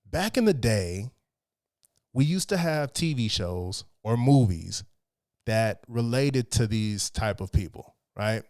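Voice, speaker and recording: A man's voice: fairly low pitch, lively intonation, darkish tone, no echo. Blunt man, dry sound. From Texas, USA. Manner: blunt and profane, drawn-out asides. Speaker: commentator. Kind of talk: casual commentary.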